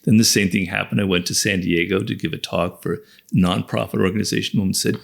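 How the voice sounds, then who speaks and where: American male guest, low and gravelly, reflective and emphatic. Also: steady tone, fast. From United States. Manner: reflective, builds points with repeated phrases. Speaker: guest author. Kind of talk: conversational interview.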